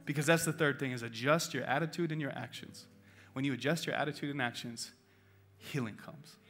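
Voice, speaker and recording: A man's voice: mid-range voice, fairly quick, fairly bright tone. A male pastor preaching a sermon in a church, telling a personal story with emotion and urging his congregation passionately. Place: church auditorium.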